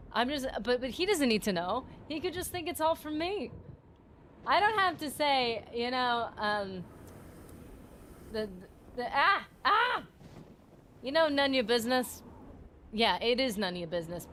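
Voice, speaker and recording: A woman's voice: fairly high pitch, fairly bright tone, slight background noise. Giggly, rambling woman streamer. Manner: giggly, rambling and playful, teasing her chat. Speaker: livestreamer playing a video game. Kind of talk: casual gaming livestream chat.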